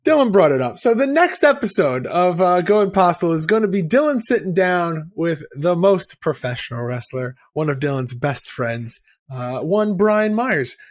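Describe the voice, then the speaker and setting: A man co-hosting a podcast, chatting casually and briskly announcing the next episode. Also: high voice, sing-song. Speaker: podcast co-host.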